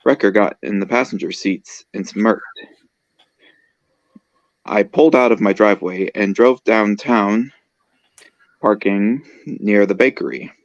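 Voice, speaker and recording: A man's voice: lowish voice, a little slow, long pauses, no room sound, highs cut off. A man hosting a show, casually reading fan fiction aloud and stumbling over words now and then. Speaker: host.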